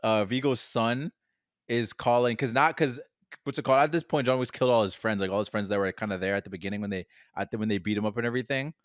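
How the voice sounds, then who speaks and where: A man's voice: lowish voice, fairly even intonation, fast talker, no room sound, clean studio sound. Laid-back man who laughs a lot. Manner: laughs often, retells scenes with quoted lines. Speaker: podcast co-host. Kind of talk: casual chat.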